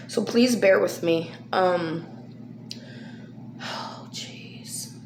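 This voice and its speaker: A woman talking casually to her viewers, upset and emotional, sighing between soft lines and loud bursts. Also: medium pitch, roomy sound, a little hiss or hum. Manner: emotional, swings from soft sighs to loud outbursts. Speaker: vlogger.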